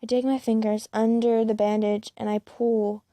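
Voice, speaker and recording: A woman's voice: a little high, flat delivery, normal speed, mellow, no echo. A woman reading a first-person fan story aloud in a plain way, with small slips and restarts. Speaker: fan-fiction reader.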